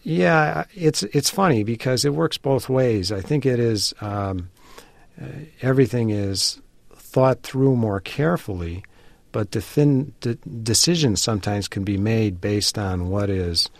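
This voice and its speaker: A man being interviewed on radio as an author, speaking in a measured way with frequent fillers. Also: on the low side, expressive, creaky, dry recording. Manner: measured, hesitant with many fillers. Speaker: author and guest.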